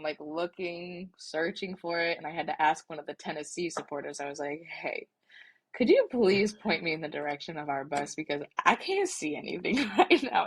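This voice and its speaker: A young woman in her twenties with a notably low voice tells a story in a loose, chatty way. She fills her talk with "like" and restarts her sentences as she goes. She sounds like a guest on a casual podcast. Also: husky. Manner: chatty, many "like" fillers and restarts. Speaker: podcast guest, soccer player.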